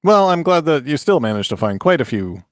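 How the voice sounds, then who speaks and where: A man's voice: a little high, very animated, fairly quick, no echo, studio quality. A man in his forties casually retelling a fairy tale on a podcast, joking and laughing often as he goes. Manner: jokey, laughs often, restarts a lot. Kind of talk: casual chat and comic story retelling.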